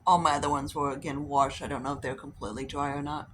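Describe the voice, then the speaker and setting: A woman talks through her makeup routine in a loose, rambling way, drifting into stories and putting on little voices for the people in them. Her voice is bright and forward, with a faint hiss of noise underneath. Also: sits low, little pitch movement, fast. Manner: rambling, chatty, acts out quoted voices, swears casually. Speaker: beauty vlogger. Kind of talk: casual chatty storytelling while doing makeup.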